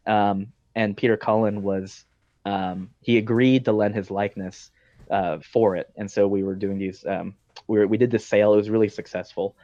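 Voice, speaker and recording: A man's voice: fairly low pitch, darkish tone, dry recording. A man hosting a podcast, telling long stories in a casual, talkative way with frequent ums and likes. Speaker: podcast host. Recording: dull dry lo-fi sound.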